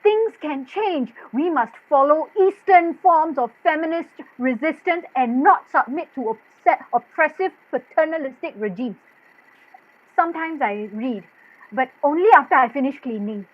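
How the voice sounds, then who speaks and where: A woman's voice: high voice, expressive, moderate pace. A woman playing a plucky young Indonesian maid who speaks bluntly, in a staged play reading. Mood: earnest. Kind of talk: staged play reading over video call. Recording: dull muffled video-call audio.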